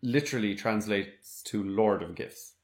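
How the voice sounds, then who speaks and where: A man's voice: fairly low pitch, unhurried. A man co-hosting a podcast, chatting about a TV episode in an enthusiastic, jokey fan manner. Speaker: podcast co-host. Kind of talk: casual episode recap chat.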